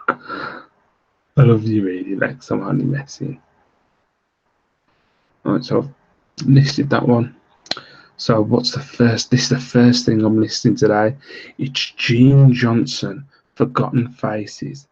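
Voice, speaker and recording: A British man hosting a late-night live stream from home, talking quietly so he won't wake his kids, rambling casually with fillers and little laughs. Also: lowish voice, slow pace, creaky, long pauses, slightly rough, dull audio. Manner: rambling, with many fillers and self-deprecating laughs. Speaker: live stream host reselling items online. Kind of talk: casual live-stream chat while reading viewer comments.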